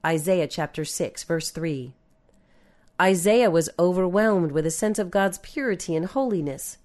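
A woman reading a religious text aloud in a measured way, dropping her voice for the scripture references. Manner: measured, reads scripture references in a lower, softer voice. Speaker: reader. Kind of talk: scripted narration of a religious book.

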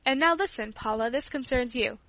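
A tender father speaking earnestly to his daughter, read by a woman. The voice stays high and bright, close and dry. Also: brisk, no room sound. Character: gentle caring father of a family.

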